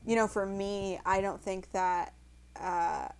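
A woman hosting a casual interview, reacting warmly and thinking out loud about podcast ideas. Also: mid-range voice, steady tone, slow, gravelly, smooth. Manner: enthusiastic reactions, rambling thoughts. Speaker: host.

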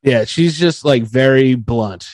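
A man's voice: mid-range voice, slow, a little mellow, no echo. A man co-hosting a casual live podcast, swearing freely, laughing often and acting out what other people said to him. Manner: profane, laughs often, acts out quotes. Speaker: podcast co-host. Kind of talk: casual live-show banter.

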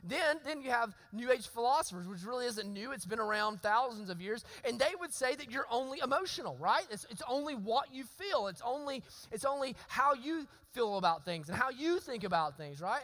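A man preaches in a high, bright voice, with a long hall reverb around him. He talks in a conversational way, repeating his phrases for emphasis and asking the congregation questions as he goes. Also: sing-song, fairly quick, few pauses. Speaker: pastor. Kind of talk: sermon. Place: church sanctuary.

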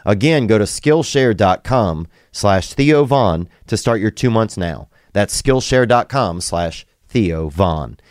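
Low-voiced Southern podcast host. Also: male voice, expressive, slow pace, hardly any pauses, darkish tone, dry recording, studio quality. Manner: loose, rambling ad-libs. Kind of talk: casual chat and read ad.

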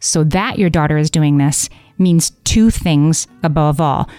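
A woman's voice: deep voice, unhurried, warm tone, clean tone. A middle-aged woman hosting a parenting podcast, giving candid, conversational advice and acting out what the kids say.

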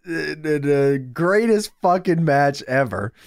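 A man's voice: fairly high pitch, slow pace, vocal fry, dry recording, clean studio sound. A young man co-hosting a casual podcast, recapping a wrestling match with lots of swearing and laughter. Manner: animated, swearing, laughing storyteller. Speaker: podcast co-host.

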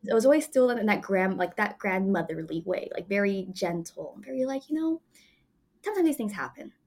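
A woman's voice: medium pitch, animated, brisk, darkish tone. Chatty young woman telling stories. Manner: chatty storytelling with frequent laughs and fillers. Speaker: actress guest. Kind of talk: casual interview chat.

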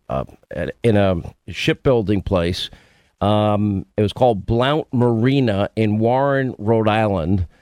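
A man's voice: lowish voice, darkish tone, dry recording, studio quality. Chatty middle-aged radio host man. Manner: chatty, storytelling, interrupting. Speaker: radio talk show host. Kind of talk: call-in radio talk.

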